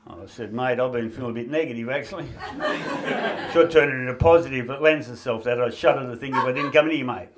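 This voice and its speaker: A man's voice: medium pitch, fast talker, background noise. An Australian man doing a stand-up comedy routine, reeling off puns and laughing at his own jokes.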